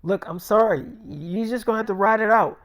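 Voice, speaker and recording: A woman acts out a frank nurse who hands out blunt advice in casual slang. She repeats herself and circles back, at an ordinary middle pitch. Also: a little fast, close to an everyday voice. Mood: concerned.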